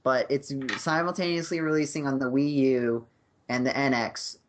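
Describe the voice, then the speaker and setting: A man in an easygoing podcast chat, talking over a video call. He circles his points, piling on fillers and starting sentences over. His voice sits at a plain middle pitch. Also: normal speed. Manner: rambling, many fillers and restarts. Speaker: podcast host. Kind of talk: casual chat.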